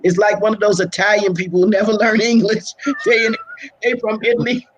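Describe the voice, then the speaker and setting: An older woman with a Brooklyn accent, chatting as an interview guest, self-deprecating and quick to laugh. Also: mid-range voice, flat delivery, a little hiss or hum, poor audio. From Brooklyn, United States. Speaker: pastor and biblical scholar, guest. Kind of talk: casual conversational interview.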